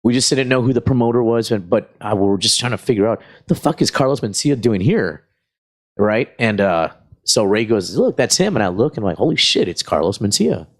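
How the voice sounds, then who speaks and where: A comedian from spins long stories, cursing freely and slipping into quick impressions of the people in them. His voice sits a little low, and he keeps an easy, rambling pace. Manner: profane, rambling, animated retelling. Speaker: guest comedian. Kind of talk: casual storytelling.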